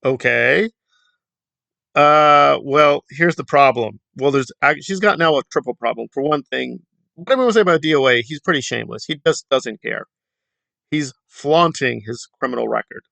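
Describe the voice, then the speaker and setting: Sarcastic man with a gravelly, bright voice. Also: medium pitch, moderate pace, no echo. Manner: sarcastic, mocking, indignant. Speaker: commentary channel host. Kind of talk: talking-head drama commentary.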